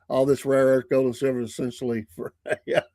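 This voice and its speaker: A man's voice: mid-range voice, little pitch movement, normal speed, warm tone, dry recording. A man hosting a casual morning talk show, rambling through stories and chuckling often into a close mic in a small studio.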